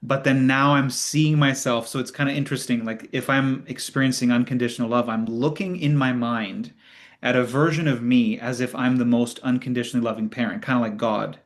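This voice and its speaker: A man's voice: medium pitch, steady tone, a little fast. A man hosting a spiritual Q&A, teaching in an earnest, conversational way and acting out inner thoughts. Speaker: host of spiritual Q&A.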